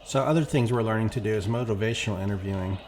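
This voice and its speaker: Man gamer, deeper register, rambling running commentary with quoted asides, faint music bed. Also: fast, a little mellow. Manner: chatty, rambling, acts out quotes. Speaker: gameplay streamer. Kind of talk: casual commentary while playing.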